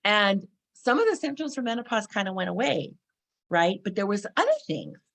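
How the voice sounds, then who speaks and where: A woman's voice: medium pitch, expressive, moderate pace, gravelly, fairly bright tone. A woman in her forties from California, talking casually about spiritual energy to camera, chatty and full of "you know" and "right?". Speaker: spiritual vlogger.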